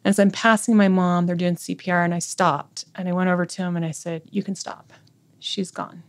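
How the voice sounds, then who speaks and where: Low, gravelly woman telling a story. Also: flat delivery, fast. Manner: intense, vivid retelling with quoted speech. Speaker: guest. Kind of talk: conversational storytelling.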